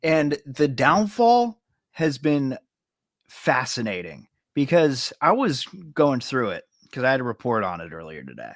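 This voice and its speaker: A man hosting a casual sports podcast, talking in a relaxed, easygoing way. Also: mid-range voice, unhurried, no room sound, studio quality. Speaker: podcast host.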